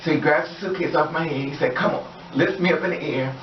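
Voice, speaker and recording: A man rambles through an emotional personal storytime, circling back and repeating his points. His voice sits a little high. The recording is echoey and muffled, with a faint hiss behind him. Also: quick pace, recorded from a distance.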